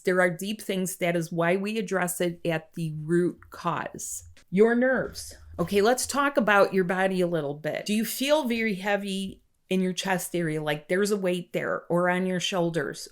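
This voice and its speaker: A woman energy healer speaking straight to the listener, asking a string of questions in a calm, measured way. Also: fairly low pitch. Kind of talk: direct-to-camera wellness talk.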